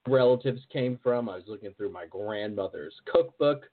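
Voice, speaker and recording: A man's voice: fairly low pitch, normal speed. Man hosting a chat over a tinny line. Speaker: podcast host. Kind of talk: casual interview chat. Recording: phone-like narrow sound.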